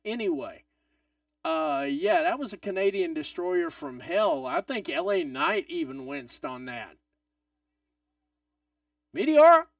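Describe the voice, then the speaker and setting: A man hosting a live wrestling watch-along stream, excitable and swearing, swinging from loud outbursts to mutters. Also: sits high, measured pace, vocal fry, no room sound, studio quality, far from the mic.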